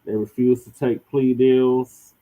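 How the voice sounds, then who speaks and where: A man hosting a podcast in casual chat, unhurried and repeating himself as he goes. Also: mid-range voice, level tone, mellow. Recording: slightly dull, muffled sound.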